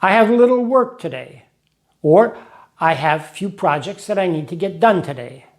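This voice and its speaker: Male teacher, high register, patient lesson narration built on examples and rhymes. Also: expressive. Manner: explains slowly with examples and rhymes. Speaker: English teacher for Russian speakers.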